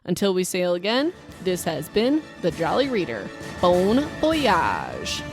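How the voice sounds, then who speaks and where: A woman's voice: on the low side, very animated, moderate pace, over music. A woman hosting her own podcast in a chatty, rambling, self-deprecating way, talking into a home microphone. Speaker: podcast host. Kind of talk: casual solo podcast chat.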